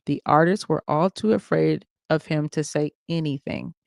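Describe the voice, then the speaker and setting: A livestream host reading a memoir aloud in the first person, pausing for asides to the listeners. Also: mid-range voice, steady tone, gravelly, a little mellow, no echo, clean studio sound. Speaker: reader of a book on a livestream.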